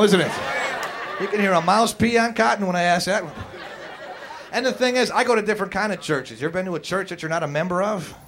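A man doing a stand-up set in a comedy club, folksy and chatting with the audience. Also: sits high. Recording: noisy live club recording.

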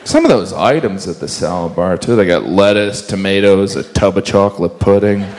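A man's voice: low voice, moderate pace, in a large hall, noisy background. A man doing observational stand-up comedy with a wry delivery.

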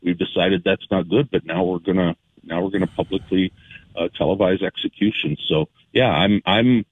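A man's voice: low-pitched, normal speed, husky, no echo. A male caller on a talk radio show, rambling sarcastically with many fillers, heard over a phone line.

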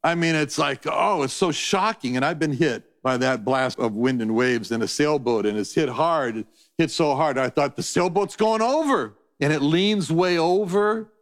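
A man's voice: on the high side, moderate pace. A man giving a conversational sermon as a Bible teacher, telling stories animatedly and acting out voices. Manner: animated storytelling, acts out voices.

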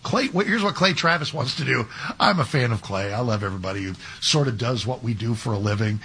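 Radio talk host, husky conversational man. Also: medium pitch, animated, quick pace, bright, forceful tone. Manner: conversational, sarcastic asides, frequent restarts.

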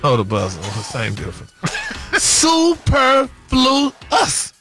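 A man with a high, bouncy voice jokes through a morning radio bit and trips over his words. He sounds playful in a studio, with music behind him. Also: a little slow. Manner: animated, playful, stumbles and laughs over words. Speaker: radio morning show co-host. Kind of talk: comedic radio banter.

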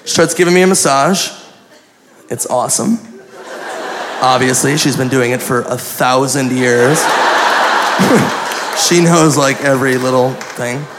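A man doing stand-up, telling a story in an animated, profane way and acting out the people in it, on a club mic. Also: mid-range voice, unhurried, pauses often. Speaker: stand-up comedian. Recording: live club mic with a noisy crowd.

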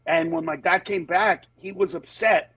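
A man who works as a comedian, telling candid stories in conversation and moving between animated voices and earnest, steady points. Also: high voice, moderate pace, slightly rough, dry recording, poor audio. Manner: animated, jumps into voices of other people mid-story. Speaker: comedian guest.

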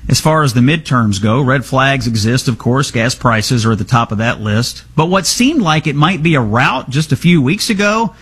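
A man's voice: mid-range voice, expressive, normal speed, hardly any pauses, a bit bright, husky. A man hosting a political talk radio show, giving commentary and reading an ad in a confident, conversational way.

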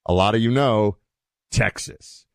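A man's voice: lowish voice, a little slow, clean tone, no echo, clean studio sound. A man hosting a talk show, chatting in a rambling, casual way with many restarts and fillers.

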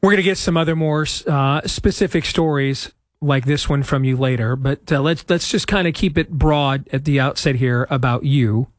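A man hosting a podcast, steering the interview with brisk, conversational questions. His voice sits a little high, and the recording is dry and close. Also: no room sound. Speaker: podcast host.

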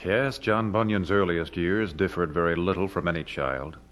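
A male narrator telling a story in measured, scripted narration. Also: low voice, fairly bright tone.

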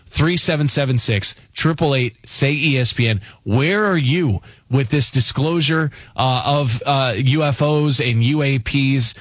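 A man's voice: mid-range voice, unhurried, a bit bright, no echo. A man hosting a sports radio call-in show, talking in a chatty, riffing way.

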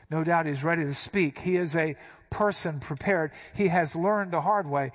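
A man preaching a sermon, walking his listeners through scripture verse by verse. His voice sits a touch higher than most men's, and he leans hard on key phrases as he explains word meanings. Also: steady tone, moderate pace. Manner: teaching, emphatic, explains Greek words. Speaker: pastor.

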